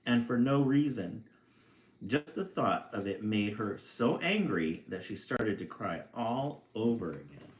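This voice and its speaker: A man reading a children's picture book aloud, with relaxed, chatty asides between passages. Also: fairly low pitch, a little slow, hardly any pauses. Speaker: storybook reader. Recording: echoey room.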